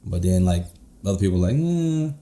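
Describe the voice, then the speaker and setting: A man co-hosting a podcast, talking in an excitable, slangy way and saying "bro" a lot. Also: fairly low pitch, quick pace. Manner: excitable slangy talk, says "bro" often. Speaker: podcast co-host. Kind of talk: casual chat.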